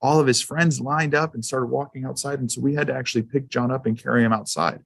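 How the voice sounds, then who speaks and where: A man of middle pitch gives a school safety presentation, mixing guidance with personal stories. He talks casually, with plenty of "um"s and small restarts. The sound is dry and close, with hardly any room in it. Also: fairly even intonation, fast, creaky, dry recording. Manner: conversational storytelling with fillers. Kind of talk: anecdotal presentation to a council.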